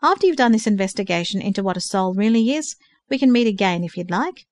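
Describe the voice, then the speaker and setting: A woman's voice: mid-range voice, expressive, fast talker, no echo, studio quality, lightly acted. A woman reading the part of a patient older male mentor who carefully explains study books. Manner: careful explaining, gently instructive.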